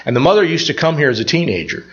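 A man's voice: a little high, very animated, very fast, fairly bright tone. Older man, pastor, folksy rambling sermon, lots of restarts, slightly dull lo-fi sound. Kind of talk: informal sermon with personal stories.

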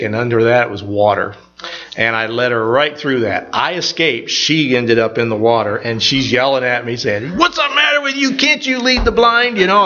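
An older man preaches at a mid pitch, wandering off into folksy personal stories and often restarting his sentences. The recording sounds a little dull and lo-fi. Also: a bit bright. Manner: rambling, folksy storytelling with many restarts. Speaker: pastor. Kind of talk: informal sermon with personal stories.

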